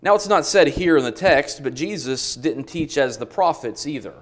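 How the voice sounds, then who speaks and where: A man preaching an expository sermon, reading scripture aloud in an earnest, emphatic way and slowing down on the quotations. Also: fairly high pitch, lively intonation.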